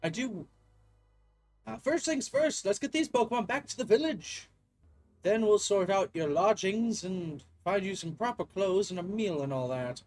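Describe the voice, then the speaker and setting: Gamer putting on genteel male professor, old-fashioned polite, talkative, lively pitch swings. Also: normal speed, faint music behind, close to an everyday voice. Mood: enthusiastic. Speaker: gaming video creator. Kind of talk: reading game dialogue aloud in a put-on voice.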